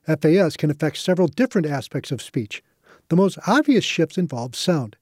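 A man reading a scripted nonfiction narration in an even, measured way. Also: fairly high pitch, no room sound, clean studio sound.

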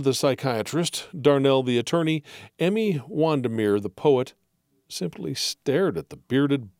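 A man narrating an audiobook of mystery stories in an expressive storytelling manner, close to the mic. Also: medium pitch, no echo.

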